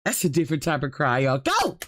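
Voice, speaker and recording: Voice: mid-range voice, huge pitch swings, brisk. A host reacting to scary videos in casual, slangy commentary, shrieking and talking straight to viewers. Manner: loud, exclamatory and slangy, full of shrieks and asides to viewers.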